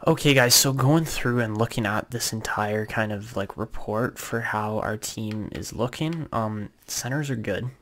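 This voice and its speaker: Low, gravelly-voiced young man commentating a game. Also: unhurried, hardly any pauses, slight background noise. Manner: relaxed, thinking aloud with many fillers. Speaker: gaming YouTuber. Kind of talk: casual gameplay commentary.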